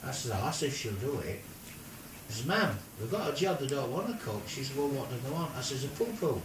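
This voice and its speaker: An older man, a grandfather, telling a silly made-up story in an animated way, with squeaky put-on voices for the people in it. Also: brisk, a little hiss or hum. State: ill. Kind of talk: playful bedtime-style storytelling. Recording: roomy home video from a distance.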